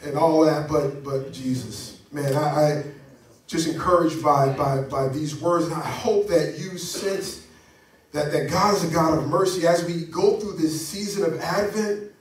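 A man's voice: on the high side, measured pace. A man preaching a sermon as pastor, fervent and rhythmic, drawing call-and-response from the congregation. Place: church sanctuary. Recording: echoey church sound from a distance.

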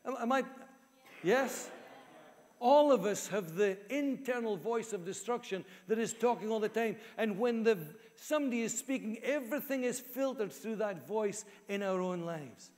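Male pastor, high voice, earnest repetitive sermon delivery, long church-hall reverb. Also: moderate pace, darkish tone. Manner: earnest, repeats key phrases for emphasis.

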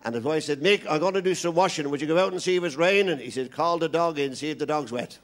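Irish male stand-up comic with a rambling joke-telling manner and a voice a touch on the high side. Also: fast. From Ireland. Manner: rambling joke teller, playing all the characters himself. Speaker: stand-up comedian.

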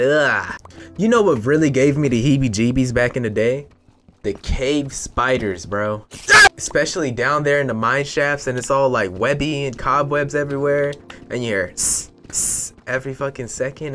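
A young man giving casual, joking gameplay commentary to his viewers. He swears freely and bursts into excited yelps. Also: medium pitch, slight background noise. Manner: chatty, talks straight to viewers. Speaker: gaming YouTuber.

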